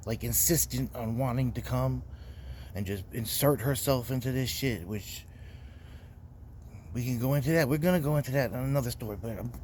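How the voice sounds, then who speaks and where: A young man recapping his weekend in a loose, profane rant. His voice sits at an average pitch and he talks in a heated, conversational way. A faint background noise runs under the recording. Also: darkish tone. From Florida. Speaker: podcast host. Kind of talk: casual storytelling rant.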